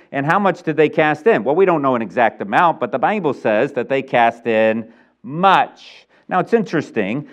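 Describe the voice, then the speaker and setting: A man preaching a sermon in a church, animated and playful, acting out scenes with sound effects. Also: medium pitch, lo-fi sound. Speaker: pastor.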